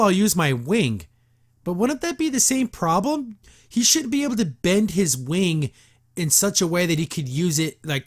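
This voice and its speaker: A man hosting a podcast, giving casual commentary on a cartoon episode in a sarcastic, mocking and exasperated way. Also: on the high side.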